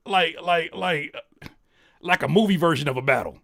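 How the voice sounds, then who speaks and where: A man hosting a music reaction video, talking casually with animated, sarcastic disbelief. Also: a little high, moderate pace, gravelly, no echo, studio quality. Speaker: rapper and YouTube reaction host.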